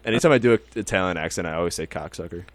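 A man's voice: low-pitched, rapid-fire, no echo. A young man chatting casually on a podcast, rambling, swearing freely and laughing often. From Mexican-American. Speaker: podcast host.

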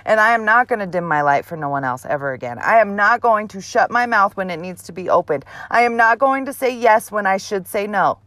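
A woman's voice: medium pitch, lively intonation, brisk, hardly any pauses, a bit bright, dry recording. A mother hosting her own show, delivering a blunt, profane, emphatic motivational monologue. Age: adult mother. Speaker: host.

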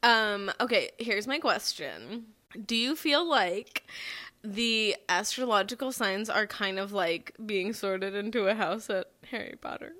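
A young woman co-hosting a podcast in casual chat, excitable and often laughing as she tells stories. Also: mid-range voice, a little slow. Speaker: podcast co-host.

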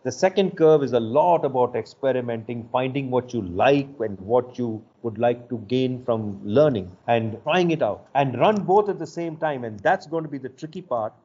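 An older man, an executive coach and interview guest, telling stories in a measured, thoughtful way. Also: medium pitch, dark tone, breathy edge. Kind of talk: reflective interview storytelling. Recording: muffled lo-fi audio.

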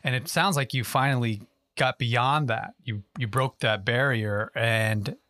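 A man's voice: mid-range voice, measured pace, sharp tone, no room sound, clean studio sound. A man in his sixties hosting a podcast, enthusiastic and affirming, often repeating words as he starts. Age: 60s. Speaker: podcast host. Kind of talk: casual podcast interview.

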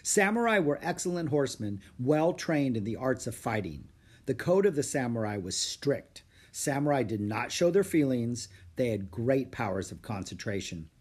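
A man narrating a children's storybook in a lively, expressive reading. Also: mid-range voice, moderate pace, husky. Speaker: audiobook narrator.

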